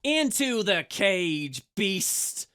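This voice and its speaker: A man's voice: fairly high pitch, big pitch swings, a little slow, fairly bright tone, no echo, studio quality, exaggerated voice. A man voicing a small, scheming male Asura tinkerer in an audiobook reading, sly and theatrical. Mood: mock fierce.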